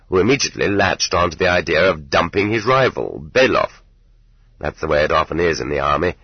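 A man narrating an audiobook in measured, even storytelling. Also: sits low, slightly rough, no echo, dull audio. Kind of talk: scripted narration.

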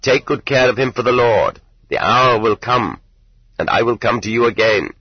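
A man's voice: mid-range voice, normal speed, no echo, dull audio, voice pushed up, natural voice. A man doing an authoritative elderly prophet. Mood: solemn. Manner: clear, authoritative pronouncements. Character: portly elderly bearded male stranger, solemn prophet.

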